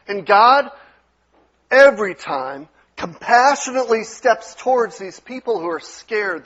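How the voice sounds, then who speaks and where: A male pastor delivering a conversational sermon, dropping to a soft, gentle tone when he voices reassuring words. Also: sits high, slightly rough, highs cut off. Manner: conversational preaching with soft quoted asides.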